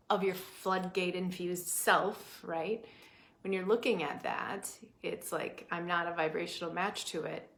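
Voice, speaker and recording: A woman prosperity coach giving a motivational class talk, animated and emphatic, with sudden swings between quick bursts and slow drawn-out phrases, often checking in with "right?". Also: lowish voice.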